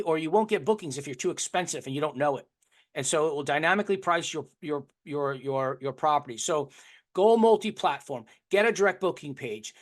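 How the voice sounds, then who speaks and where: A man teaching an online course in an unscripted, energetic way, often repeating words and restarting sentences. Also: on the high side. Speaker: course instructor.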